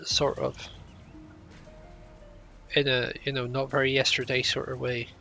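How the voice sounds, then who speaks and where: A man chats through his gameplay, wandering off into self-mocking jokes. His voice is gravelly and bright with a slightly raised pitch, and the delivery is unhurried, over faint game music. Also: monotone. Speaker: game streamer. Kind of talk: casual gameplay commentary.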